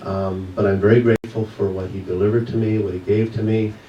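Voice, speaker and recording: A man with a fairly low voice tells a personal story from the pulpit, earnest and reflective. He sounds set back from the mic, with the sound ringing around a large church room. A faint hiss sits under his voice. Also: flat delivery, a little fast, reverberant, recorded from a distance, muffled recording. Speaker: guest speaker at a church service. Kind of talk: personal testimony talk. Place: church sanctuary.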